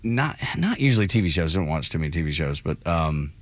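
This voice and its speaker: A man's voice: a bass voice, big pitch swings, fast, dry recording. A man hosting a radio morning show in casual, emotional banter. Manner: chatty, emotional, laughs easily. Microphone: studio microphone.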